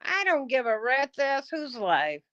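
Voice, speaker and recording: A woman's voice: sits high, sing-song, a little slow, a bit bright, no room sound, lo-fi sound. A woman on a live stream, ranting bluntly and confrontationally at her chat and swearing often. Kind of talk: heated live-stream rant.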